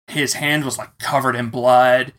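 Bright-voiced man telling a story. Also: medium pitch, a little slow. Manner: animated, acts out quoted voices. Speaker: interviewee. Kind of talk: personal storytelling.

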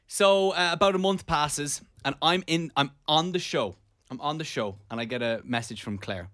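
A man's voice: fairly high pitch, a bit bright. An Irish man co-hosting a radio show, telling a story in casual chat and acting out the quotes in it. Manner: rapid storytelling with acted-out quotes.

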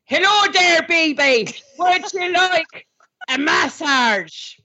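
A woman's voice: very high-pitched, lively intonation, slow pace, sharp tone, voice pushed up, full character voice. A woman putting on a put-on Irish accent to play a flirty male masseuse in a comic role-play audition. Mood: hammy flirt.

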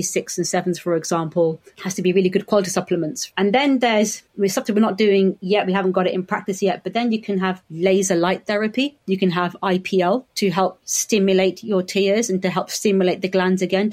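A middle-aged woman, an optometrist guest chatting in an interview, animated and quick to laugh. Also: medium pitch. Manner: chatty, animated storyteller who laughs easily. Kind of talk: casual interview chat.

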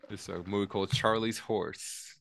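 Man from latin america, low voice, podcast co-host, laughs a lot, dry close mic. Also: steady tone, measured pace, vocal fry, fairly bright tone, no room sound. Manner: laughs easily, adds quips. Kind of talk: casual film chat.

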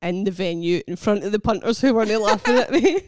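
A woman's voice: mid-range voice, expressive, a little fast, no echo. Scottish woman, young stand-up, self-mocking and giggly, dead dry studio sound. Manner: laughing, self-deprecating storytelling. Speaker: comedian. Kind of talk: casual podcast chat.

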